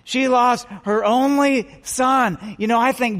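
A male pastor preaching a sermon with dramatic pauses and rhetorical questions. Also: very high-pitched, fairly bright tone, big-room sound.

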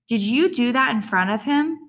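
A woman's voice: a little high, expressive, normal speed, pitched above the performer's own voice, close to an everyday voice. Woman playing a firm scolding mother. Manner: scolding, earnest. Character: firm, caring mother of two boys.

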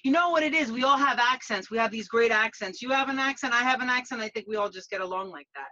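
A woman with a Bronx accent, a dog groomer guest chatting playfully and loudly over a video call, laughing often. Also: fairly high pitch, fast, no echo, muffled recording. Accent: Bronx New York. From the Bronx, New York.

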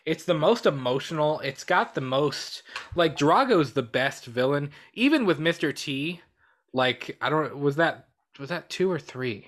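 A man co-hosting a casual movie podcast, animated and laughing often, sometimes breaking into loud impressions of film characters. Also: fairly high pitch, unhurried. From Italian heritage. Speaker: podcast co-host.

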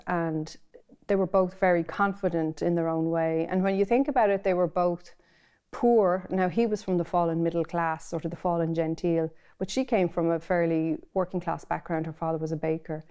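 A woman's voice: lowish voice, fairly even intonation, normal speed, darkish tone, clear, resonant tone. Middle-aged Irish woman reading expressively. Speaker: author. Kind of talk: reading aloud and interview.

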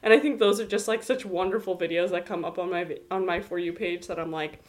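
A young woman co-hosting a podcast, chatting excitedly and self-deprecatingly, with frequent swearing and laughter. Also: fairly low pitch, fast. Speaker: podcast co-host. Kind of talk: casual chat.

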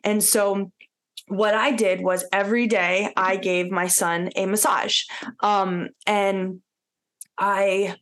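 A woman's voice: mid-range voice, steady tone, takes it slowly, a bit bright. A woman co-hosting a podcast, talking in an earnest, heartfelt casual chat with many "like" fillers. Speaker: podcast co-host.

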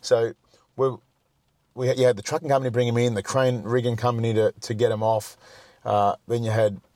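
A man's voice: medium pitch, flat delivery, brisk, a little mellow, no room sound. A man telling stories as a podcast guest, rambling and swearing, with many restarts. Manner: rambling, profane, frequent restarts. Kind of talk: casual storytelling.

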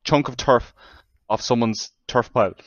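A man's voice: medium pitch, normal speed, no room sound. An Irish man co-hosting a casual podcast, dry in tone, steering the chat with questions and short anecdotes. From Ireland. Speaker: podcast co-host. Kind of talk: casual banter. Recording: dull, dry, slightly lo-fi mic.

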